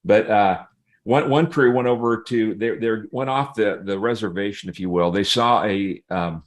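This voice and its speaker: A man's voice: fairly low pitch, moderate pace. An older man, a pastor and guest, telling humorous stories in a casual interview, laughing often and acting out what people said.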